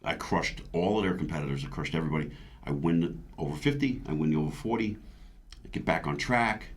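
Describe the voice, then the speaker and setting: This is a man in his fifties with a notably deep voice, a veteran athlete being interviewed. He speaks candidly and with feeling, often stumbling and restarting, and reenacts his own past words as he recounts them. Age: 50s. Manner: earnest, emotional, with frequent restarts and stammers. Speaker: guest, veteran bodybuilder.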